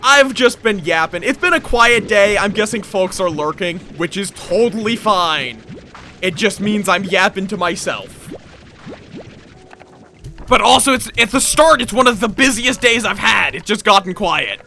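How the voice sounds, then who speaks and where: A young man streaming a video game, chatting casually with his viewers, swearing now and then and reacting out loud. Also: high-pitched, a little slow. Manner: animated, chatty, swears, talks to chat. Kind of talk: casual gameplay commentary. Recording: faint game music behind.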